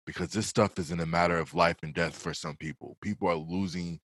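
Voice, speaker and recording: A man in a casual conversation, speaking in a measured, earnest way as he makes his case. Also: low-pitched, steady tone, fairly bright tone, no echo.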